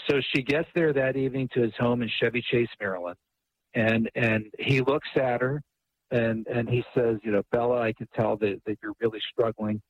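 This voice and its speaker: A man with a mid-range voice and fairly even intonation speaks at a normal speed, retelling a story at length with many restarts and bits of quoted dialogue. He is an author appearing as a radio guest, telling the story in a phone interview over a tinny phone line.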